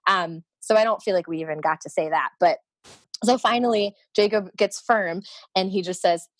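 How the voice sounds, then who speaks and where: A woman tells a personal story in a casual chat, laughing often and slipping into the voices of the people she quotes. Her voice sits at a middling pitch and sounds dry and close to the mic. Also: normal speed, no room sound. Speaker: podcast guest.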